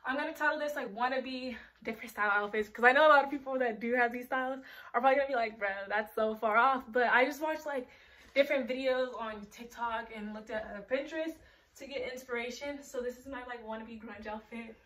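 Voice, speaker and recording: A woman's voice: on the high side, fast, fairly bright tone. A young woman chatting casually to camera as a fashion vlogger, rambling with lots of filler words and a little out of breath. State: slightly out of breath. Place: bedroom.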